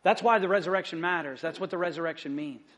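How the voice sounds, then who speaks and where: A male pastor with a high-pitched voice preaches to his congregation. He talks with emphasis, pushing some points out loud and dropping others to a hush. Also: fast talker. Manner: emphatic, swings from loud to hushed. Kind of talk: sermon. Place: church sanctuary.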